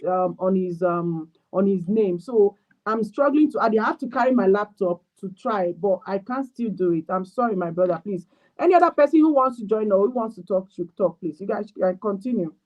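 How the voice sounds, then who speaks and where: A woman's voice: medium pitch, lively intonation, brisk, a little mellow. Pleading Nigerian woman, lo-fi stream. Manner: apologetic, pleading. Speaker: live stream host. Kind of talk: casual live stream hosting. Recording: dull lo-fi stream audio.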